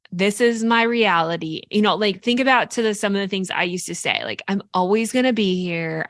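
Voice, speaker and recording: A woman's voice: mid-range voice, sharp tone, dry recording, studio quality. A woman co-hosting a podcast, talking earnestly in casual reflective chat, full of "like" and "right?" as she explains. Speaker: podcast co-host.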